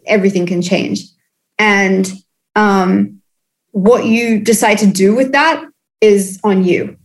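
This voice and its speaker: A woman's voice: mid-range voice, slow pace. A woman in her thirties from Australia, a musician guest on a video call, talking candidly and casually with many fillers and restarts. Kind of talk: candid interview chat.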